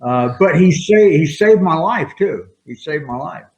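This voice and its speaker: A man's voice: on the high side, animated, measured pace, darkish tone. Older man telling rambling wrestling stories. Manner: rambling, laughing anecdotes. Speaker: retired wrestler guest. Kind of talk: casual storytelling interview. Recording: roomy, dull lo-fi sound.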